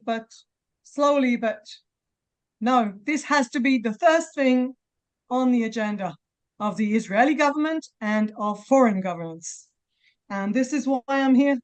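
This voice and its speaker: Woman around 40s choking back tears, pitchy voice, stops and restarts a lot. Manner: halting, with many restarts. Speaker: press conference speaker. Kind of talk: emotional testimony.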